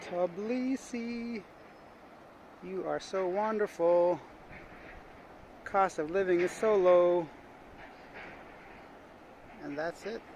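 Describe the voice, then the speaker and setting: A man with a fairly high voice talks straight to his handheld camera while climbing around outdoors. He chats casually and pokes fun at himself. Wind and city noise come through clearly on the outdoor mic. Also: very slow, long pauses, darkish tone, rough recording. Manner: chatty, self-mocking, talks to camera. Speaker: travel vlogger. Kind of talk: casual vlog narration. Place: outdoors on rocky hills above a city. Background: traffic, car horns and dogs outdoors.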